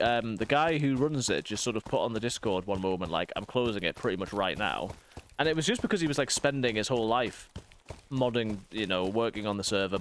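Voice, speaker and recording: A fairly low-pitched man in his thirties chats casually while streaming a game, and his northeast English accent slips in and out. He rambles, restarts sentences and breaks off for quick asides about the game. A faint hiss sits under his desk mic. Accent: northeast English, softened. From northeast England. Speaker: streamer and vicar. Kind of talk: casual gaming stream chat.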